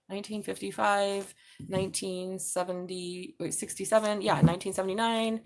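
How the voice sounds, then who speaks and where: A woman in her forties giving a live-streamed tarot reading, talking excitably, swearing freely and often breaking into laughter. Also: mid-range voice, moderate pace, a little hiss or hum. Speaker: tarot reader.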